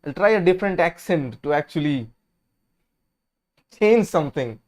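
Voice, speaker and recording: At a normal speed, a high-voiced streamer narrates a football game for his live watch-along audience. He's talkative and full of opinions, drifting between energetic play-by-play and low, drowsy murmurs.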